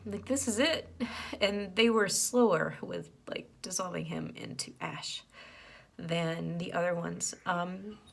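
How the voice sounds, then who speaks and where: A woman's voice: fairly low pitch, slow, creaky. A woman giving an earnest, emotional and chatty reaction vlog, laughing often as she talks. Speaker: movie reaction vlogger.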